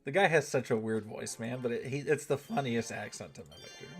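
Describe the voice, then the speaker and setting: A man's voice: medium pitch, a little fast, faint music behind. Casual, rambling gaming streamer man. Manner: loose, rambling, swears freely and keeps asking "right?". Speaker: gaming livestream host. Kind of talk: casual chat with a live audience.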